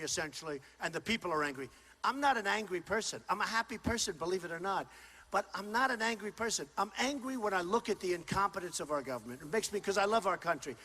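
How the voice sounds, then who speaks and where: A man in his sixties giving a loud, ad-libbed campaign rally speech, often repeating his lines. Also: high voice, slightly rough. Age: 60s. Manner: loud, repetitive, ad-libbed crowd address. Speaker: political candidate. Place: large rally hall.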